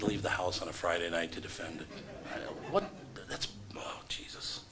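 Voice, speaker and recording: A man's voice: on the low side, fairly quick, pushed and bright. A middle-aged man, a radio host emceeing a live event, joking with the crowd in wry, sarcastic asides. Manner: wry, sarcastic asides and self-deprecating jokes. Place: event room before a live audience.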